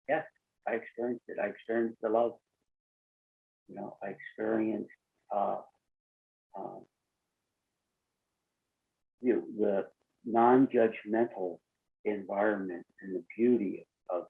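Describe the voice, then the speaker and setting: A low-voiced man with a gravelly, husky edge shares his near-death experience as a podcast guest. He tells it earnestly, replaying each exchange with "I said" and "she goes." The sound is tinny and narrow, like a phone line. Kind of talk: personal storytelling.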